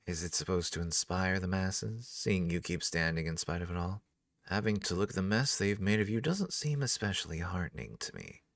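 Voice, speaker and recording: A man's voice: low voice, expressive, moderate pace, gravelly, no echo, studio quality, recorded from a distance. A man voicing a haughty woman court wizard who speaks in a steadily superior drawl. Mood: scornful.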